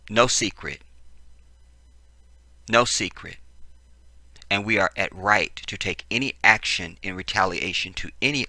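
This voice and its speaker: A man's voice: sits low, pushed and bright, dry recording. A man giving a heated, profane video commentary, hammering his points with repetition and frequent "see what I'm saying" asides. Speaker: political commentator.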